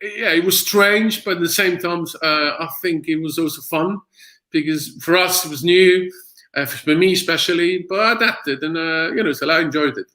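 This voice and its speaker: A former footballer, not a native English speaker, tells stories in English during a casual interview, laughing often and using many fillers. His voice is a little high and moderately paced, and the audio is poor.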